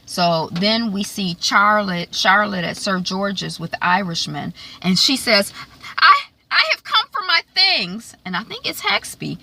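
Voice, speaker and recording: A woman recapping a TV episode in a chatty, animated way, full of fillers and asides. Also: medium pitch, gravelly. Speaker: TV recap vlogger. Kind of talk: casual recap and predictions.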